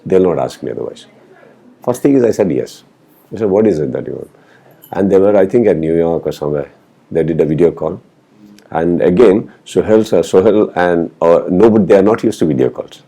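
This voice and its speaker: A man's voice: low-pitched, a little fast, vocal fry, warm tone, husky. A man being interviewed about his film work, telling stories and acting out what people said to him, with Hindi phrases mixed in. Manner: storytelling, acting out quoted exchanges, mixing in Hindi phrases. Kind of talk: casual interview answers.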